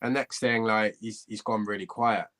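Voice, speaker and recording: A former footballer, a man, telling a lively anecdote as a guest on a live podcast, laughing often. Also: on the low side, moderate pace, rough recording. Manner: animated, laughing storyteller. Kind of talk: storytelling.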